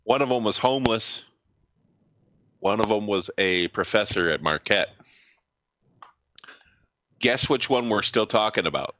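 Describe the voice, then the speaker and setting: A man's voice: on the low side, measured pace, long pauses, fairly bright tone, no room sound. A man co-hosting a podcast, blunt and opinionated, running a segment. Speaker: podcast co-host. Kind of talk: casual chat. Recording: dull lo-fi mic.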